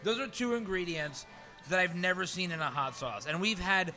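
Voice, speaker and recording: Bright-voiced man chatting casually. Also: high voice, animated, moderate pace, faint music behind. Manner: rambling, repeats words, laughs at himself. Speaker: podcast co-host and editor. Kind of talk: casual chat.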